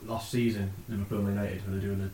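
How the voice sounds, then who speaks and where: A man's voice: fairly low pitch, little pitch movement, fast talker, dark tone, reverberant, slight background noise. A man co-hosting a casual football podcast, animatedly retelling TV clips and laughing often. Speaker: podcast co-host.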